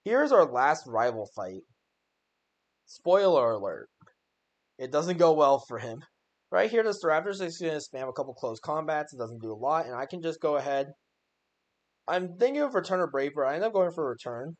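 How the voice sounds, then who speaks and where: A man's voice: on the high side, very animated, moderate pace, muffled recording. A young man giving a casual voice-over on his own game run, joking and exasperated at his own plays. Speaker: gaming YouTuber.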